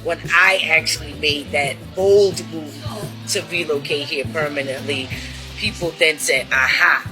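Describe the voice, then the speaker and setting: A woman explains herself in an interview, firm and emphatic. Her voice is slightly low, with music playing clearly beneath her words. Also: fairly even intonation, a little slow. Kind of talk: interview talk.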